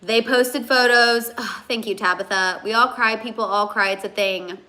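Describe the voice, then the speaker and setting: A woman's bright, forward voice carries a loose, rambling livestream chat full of fillers. She is emotional and teary as she reads out viewer comments. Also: a little high, fairly even intonation, moderate pace. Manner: chatty and rambling, many fillers. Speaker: host.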